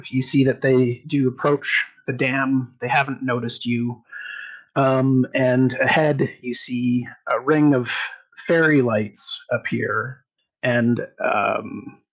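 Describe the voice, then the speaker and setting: A man narrating as game master, describing scenes in an unhurried way with frequent pauses. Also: mid-range voice, fairly bright tone, low-quality recording.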